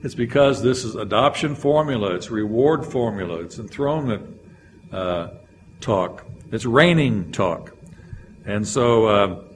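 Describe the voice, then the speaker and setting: A man's voice: on the low side, lively intonation, a little slow, a little hiss or hum. A man teaching a Bible lecture, explaining verses and reading scripture aloud with frequent "uh" fillers.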